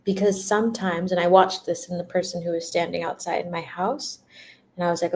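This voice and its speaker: A woman's voice: fairly low pitch, little pitch movement, fairly quick, a little mellow. A young woman giving a casual spiritual talk to her viewers, laughing often, repeating herself and acting out little quoted voices. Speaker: spiritual energy reader.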